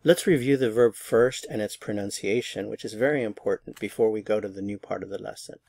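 A man teaching a language lesson, drilling words slowly and carefully with clear stress. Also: lowish voice, darkish tone, dry recording. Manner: slow, careful pronunciation drills.

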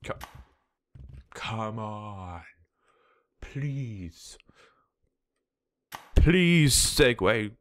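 A young man doing let's play commentary on a game, frantic and swearing, yelling at the game as he plays. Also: fairly low pitch, big pitch swings, very slow, pauses often. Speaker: gaming video host.

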